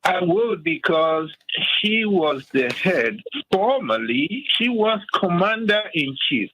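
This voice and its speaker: A man's voice: a little high, no echo, low-quality recording. Fired-up older man radio guest. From Africa. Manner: fired up, animated, many restarts and "okay?" asides. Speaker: guest commentator. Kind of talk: radio talk show discussion.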